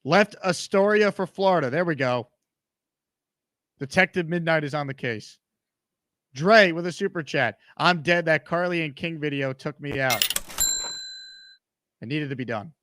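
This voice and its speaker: A man's voice: a little high, measured pace, pauses often, a bit bright, dry recording, clean studio sound. A man hosting a live sports talk stream, reading viewer comments aloud in an upbeat, teasing way. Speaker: show host.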